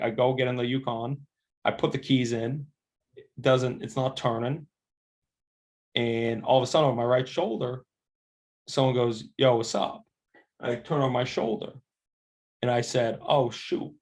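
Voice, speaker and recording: A man in his thirties, an assistant basketball coach, telling stories as a guest in a casual interview, animated and full of restarts. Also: mid-range voice. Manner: animated storyteller, quick restarts, acts out quoted voices.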